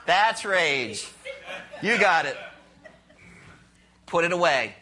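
A man's voice: a little high, very animated, takes it slowly, pauses often, noisy background. A man preaching a sermon, asking his listeners questions, telling a story with voices, and dropping to a near whisper for emphasis. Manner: asks the audience rhetorical questions.

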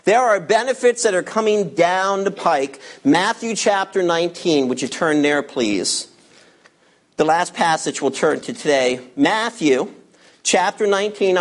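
A man preaching a sermon as pastor, animated, reading scripture and acting out quoted voices of his listeners. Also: high-pitched.

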